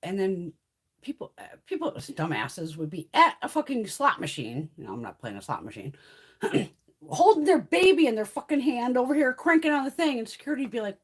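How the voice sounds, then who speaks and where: A middle-aged woman from the American East Coast talks on a casual livestream. Her voice sits a little high and swings widely in pitch. She is blunt and swears in nearly every line. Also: a little fast, slightly rough. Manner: blunt, swears constantly, animated storytelling. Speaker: beauty livestream host.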